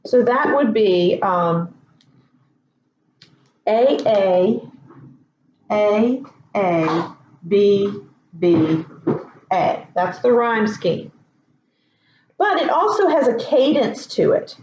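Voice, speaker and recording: A woman teaching a writing lesson in a casual, relaxed way, with lots of ums and asides. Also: mid-range voice, very slow, pauses often, a little hiss or hum. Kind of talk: casual classroom instruction. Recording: echoey room, dull lo-fi sound.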